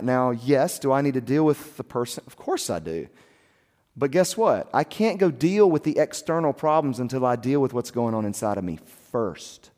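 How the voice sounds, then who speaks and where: A soft-spoken man preaching a sermon as a pastor, telling his story in an earnest, confessional way. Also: mid-range voice, animated, brisk. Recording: long hall reverb.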